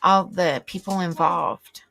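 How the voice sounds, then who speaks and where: A woman's voice: fairly low pitch, steady tone, takes it slowly, vocal fry, fairly bright tone. A middle-aged woman, hosting a live stream and chatting casually with viewers, rambling and reacting aloud as she reads the chat. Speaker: livestream host.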